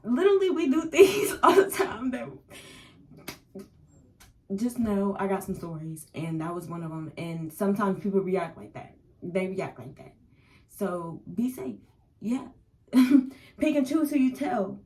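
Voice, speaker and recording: This young woman's voice is medium-pitched and darkish, animated yet measured in pace, though the audio is poor. In her casual story-time vlog she rambles candidly, using slang and lots of filler words.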